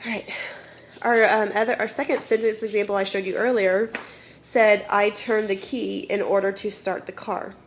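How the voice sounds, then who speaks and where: A woman's voice: mid-range voice, flat delivery, moderate pace, a little hiss or hum. A woman teaching a children's grammar lesson, patiently explaining step by step and often checking in with "okay?". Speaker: elementary school teacher.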